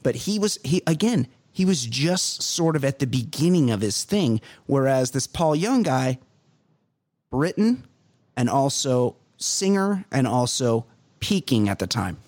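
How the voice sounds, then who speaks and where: A man's voice: mid-range voice, sing-song, a little slow, a little mellow, no echo. A man co-hosting a comedy podcast, chatting casually, cracking jokes and cutting in on the others. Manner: jokey, interrupts, mocks with put-on quotes. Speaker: podcast co-host.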